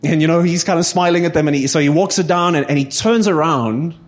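A man's voice: fairly high pitch, fast. A man preaching a sermon, telling a story earnestly and addressing his listeners as guys.

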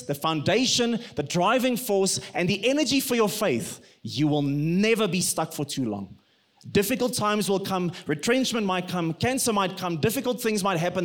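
A middle-aged pastor preaching a sermon in an earnest, conversational way, mixing teaching with family stories. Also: male voice, sits high.

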